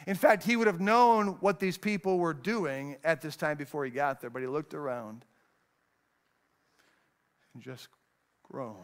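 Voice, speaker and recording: High, clear-voiced male pastor preaching. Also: unhurried, long pauses. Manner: swings between raised, emphatic lines and hushed, low passages; reads scripture in old-fashioned wording. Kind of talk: sermon.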